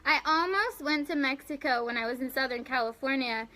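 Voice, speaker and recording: A woman's voice: sits high, fairly quick, pushed and bright. A young woman hosting a casual live stream, chatting loosely and giggling as she answers viewers by name. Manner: loose and rambling with fillers. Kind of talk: casual live chat reading viewer comments.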